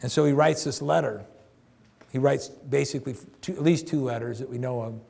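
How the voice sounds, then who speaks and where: A man's voice: mid-range voice, fairly quick, gravelly, darkish tone. A man in his fifties preaching a sermon, chatty and emphatic, speaking straight to his congregation. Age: 50s. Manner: conversational, emphatic, addresses congregation directly. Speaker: pastor.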